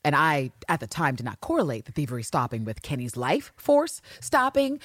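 A woman co-hosting a casual recap podcast, her pitch leaping up and down as she gets worked up. She swears freely and slips into the characters' lines. The sound is dry and close, with no room around her. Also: moderate pace, hardly any pauses, dry recording. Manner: animated, profane, acts out characters' lines. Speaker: podcast co-host.

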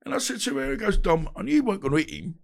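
A man in his 50s, a boxer appearing as a guest in a casual interview, tells stories bluntly. His voice is high, sing-song, creaky and very fast, and he acts out the dialogue he quotes.

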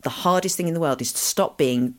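A middle-aged woman, a podcast guest in casual conversation, animated and acting out voices in her stories. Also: sits low, a little fast. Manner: animated, acts out voices in anecdotes.

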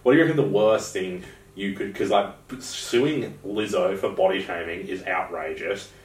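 A man's voice: sits low, moderate pace. A young Australian man co-hosting a casual podcast, talking bluntly and telling stories with lots of swearing and asides. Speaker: podcast co-host. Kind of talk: casual chat. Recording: roomy sound, mic at a distance.

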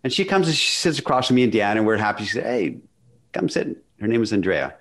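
A man's voice: on the low side, fast talker. Emphatic man telling a story. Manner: animated, emphatic, acts out quoted dialogue. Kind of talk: casual storytelling chat.

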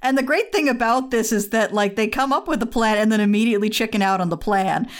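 A woman's voice: on the high side, fast talker. A woman in casual chat about a musical, wry and laughing as she quotes lines.

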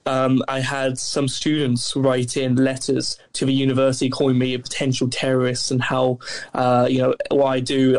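A young man with a gravelly, fry-heavy voice tells his story as a guest in a casual interview. His speech stays flat and deadpan, wandering along through "um"s and "uh"s, and he comes from Wales. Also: medium pitch. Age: young adult. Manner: rambling, dry deadpan delivery with many fillers.

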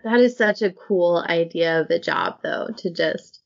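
Lower-voiced woman hosting a chatty podcast. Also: unhurried, gravelly. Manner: chatty, self-mocking storyteller who laughs often. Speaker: podcast host. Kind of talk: casual chat. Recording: dull lo-fi recording.

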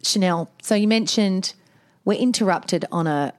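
A woman's voice: medium pitch, a little slow. A woman co-hosting a podcast in a casual chat, telling stories and laughing often. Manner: giggly, chatty storyteller. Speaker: podcast co-host.

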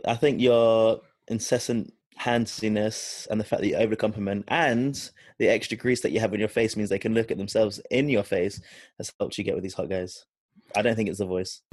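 A man's voice: on the low side, steady tone, a little fast, darkish tone, dry recording. A man co-hosting a podcast, trading teasing banter in casual chat. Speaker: podcast co-host.

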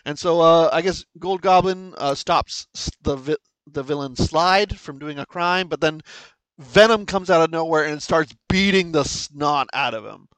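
A man co-hosting a podcast, excitedly recapping comics in a rambling casual chat with many restarts. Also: fairly high pitch, a little slow, smooth, no echo, rough recording. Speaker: podcast co-host.

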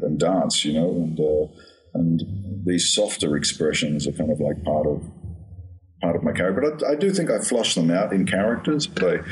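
Male actor, low voice, rambling storyteller with restarts, heard from a distance. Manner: rambling, repeats words and restarts, laughs at his own story. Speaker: actor guest. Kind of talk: storytelling anecdote in an interview. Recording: distant from the mic.

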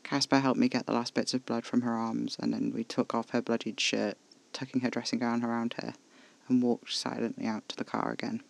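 Gravelly man narrating horror. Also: medium pitch, flat delivery, fairly quick, few pauses, poor audio. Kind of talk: scripted first-person horror narration.

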